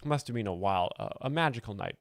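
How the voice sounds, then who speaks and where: A man giving earnest, rambling, deadpan mock-expert commentary as a comedy show host, close to the mic. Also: mid-range voice, quick pace, no echo.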